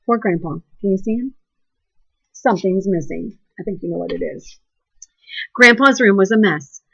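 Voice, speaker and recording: A woman teaching second grade remotely, encouraging and animated as she guides a phonics lesson and reads aloud. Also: medium pitch, normal speed, gravelly, husky, lo-fi sound. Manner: encouraging, animated, sing-song praise.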